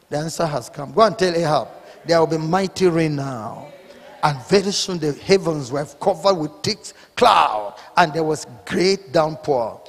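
A high-pitched man with a Nigerian accent preaches fervently, swinging between scripture reading and loud rebuking questions. His voice rings out with a long reverb in a church hall. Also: very animated, a little slow. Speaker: pastor. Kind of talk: sermon.

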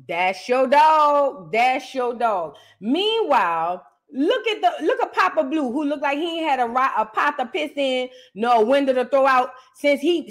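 A woman hosting a casual reaction show, talking in a brash, mocking and profane way. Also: sits high. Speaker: host.

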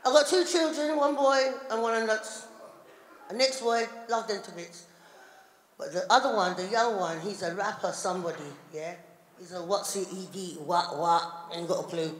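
A middle-aged woman doing a live stand-up routine, loud and chatty with the crowd. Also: medium pitch, fairly even intonation, normal speed. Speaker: stand-up comedian. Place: large hall on stage before a live audience. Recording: echoey hall, live audience noise.

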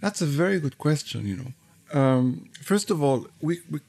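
A man answering interview questions in a studio, in a thoughtful, earnest and measured way. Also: fairly high pitch, animated, gravelly, a little mellow. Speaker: guest musician.

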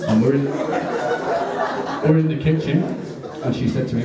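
British man doing deadpan stand-up. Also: mid-range voice, background noise. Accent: British English. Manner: deadpan storytelling with punchline pauses. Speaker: stand-up comedian. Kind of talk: stand-up comedy set. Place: comedy club stage with audience. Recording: roomy live club audio from a distance. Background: audience laughter.

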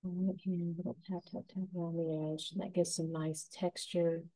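A woman giving a gentle, unhurried step-by-step painting lesson as the instructor. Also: on the low side, level tone, low-quality recording.

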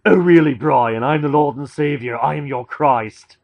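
Brief: smug whiny cartoon Jesus, mocking tone, gravelly, put on by a man. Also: mid-range voice, normal speed, lo-fi sound, lightly acted. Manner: mocking impression. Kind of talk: comic impression in a radio chat.

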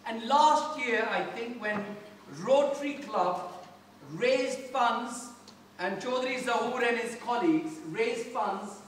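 A man gives an earnest fundraising speech in a banqueting hall, his phrases halting and broken. His voice is high and bright. The sound echoes heavily and has a long reverb, picked up from far off with faint background noise. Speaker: British parliamentarian; speaker at a charity fundraiser.

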